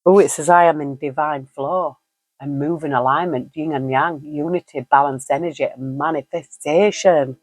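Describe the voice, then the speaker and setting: A woman's voice: sits low, fairly even intonation, normal speed, a little mellow. A woman giving a casual spoken tarot reading, chatty and musing, with frequent fillers and easy laughs. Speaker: tarot reader.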